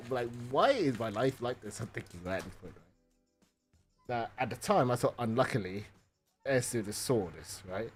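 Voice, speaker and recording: Male streamer, home setup, mid-pitched voice, rambling animated storyteller, faint music under him. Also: moderate pace. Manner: rambling, animated, swears, keeps adding "right?". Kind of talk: casual storytelling.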